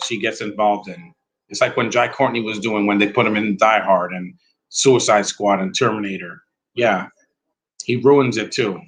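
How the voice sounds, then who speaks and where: A man's voice: medium pitch, fairly bright tone, rough recording. A man giving a rambling, blunt, opinionated live commentary while watching a movie at home.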